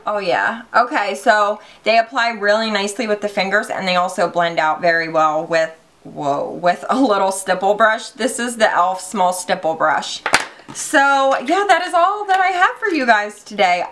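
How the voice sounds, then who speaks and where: A woman beauty vlogger giving a casual, excitable makeup review, gushing and swearing lightly. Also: medium pitch.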